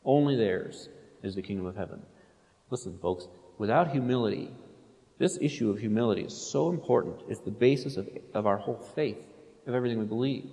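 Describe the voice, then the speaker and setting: A man's voice: on the low side, fairly quick, warm tone. Preaching man in a reverberant hall. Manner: reads quotations aloud with rising intensity. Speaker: pastor. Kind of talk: sermon.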